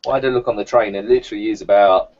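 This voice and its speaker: Young man, co-host, low voice, mellow tone, dull lo-fi sound. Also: rapid-fire. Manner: relaxed, rambling with fillers. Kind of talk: casual live-stream chat. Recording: dull lo-fi stream audio.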